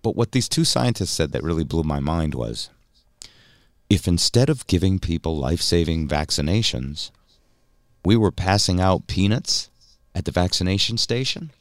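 A man hosting a podcast in casual chat, telling stories in an animated way and slipping into mock voices. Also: deep voice, normal speed, dry recording, clean studio sound. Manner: chatty, animated storytelling, slips into mock voices. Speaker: podcast host.

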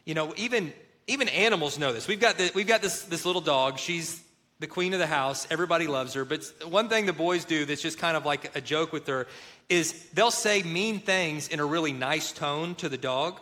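Bright, earnest man talking marriage and faith. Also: fairly high pitch, moderate pace. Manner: earnest, animated storytelling with acted-out quotes. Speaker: co-host of a marriage show. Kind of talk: faith-based marriage talk.

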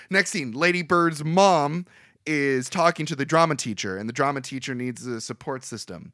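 A man's voice: medium pitch, moderate pace, a bit bright, no room sound, studio quality. A young man casually recapping a film's plot on a podcast, rambling and swearing, laughing often. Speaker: podcast co-host. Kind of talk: casual movie recap chat.

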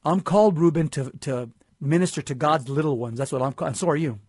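A man's voice: a little high, quick pace, a little mellow, breathy edge, dry recording, studio quality. A man co-hosting a Catholic talk show, speaking earnestly and often repeating words as he gets going. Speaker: Catholic radio co-host. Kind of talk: casual faith talk show chat.

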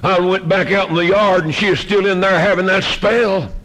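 A middle-aged man preaching a fiery storytelling sermon, moving from hushed tales to shouted exhortation. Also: sits high, fairly even intonation, moderate pace.

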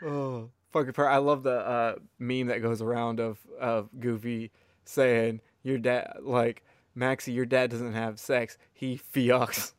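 A man hosts a casual podcast in a middle-pitched voice that sounds smooth and clear. He rambles with enthusiasm and swears freely. His sound is close and dry. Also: little pitch movement, slow pace, no room sound. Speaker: podcast host.

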